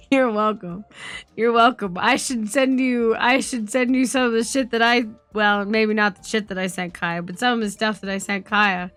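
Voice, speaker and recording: A woman streamer chatting casually, telling a story in an animated, swearing way and laughing often. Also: fairly high pitch, normal speed, clear, resonant tone, no room sound, faint music behind. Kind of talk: casual chat.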